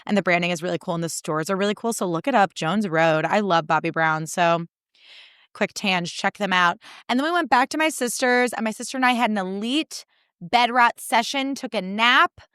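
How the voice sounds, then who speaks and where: A young woman hosts her podcast, rattling off stories with a casual, exasperated edge and plenty of "like." Her voice is smooth and clear at a middling pitch. The sound is close and dry. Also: fairly quick, fairly bright tone, no room sound. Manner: chatty, exasperated, acts out quoted people in funny voices; heavy use of "like" as filler. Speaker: podcast host. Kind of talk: casual storytelling monologue.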